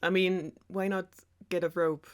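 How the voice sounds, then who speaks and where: A woman's voice: lowish voice, level tone, measured pace. A German woman, a non-native English speaker, retelling a fairy tale in a sarcastic, chatty way with laughing asides. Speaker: storyteller host.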